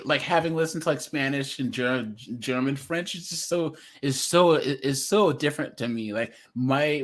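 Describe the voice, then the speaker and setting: A chatty man hosting a casual livestream. His voice sits a touch high, and he laughs often and jumps into shrill imitations. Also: a bit bright. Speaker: livestream commentary host.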